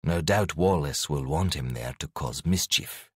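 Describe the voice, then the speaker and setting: A man's voice: extremely low pitch, breathy edge, dry recording, studio quality, full character voice. A man voicing an impatient young duke. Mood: formal. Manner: measured, formal.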